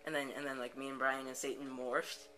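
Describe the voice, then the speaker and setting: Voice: mid-range voice, level tone, a little fast, rough recording. Rambling storyteller over game music. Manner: rambling, lots of fillers. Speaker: let's play commentator.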